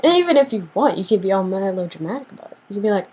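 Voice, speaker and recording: A young woman ranting casually to the camera in a sassy, animated way, acting out what people say with big jumps in pitch. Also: rapid-fire, few pauses, husky, low-quality recording. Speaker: vlogger.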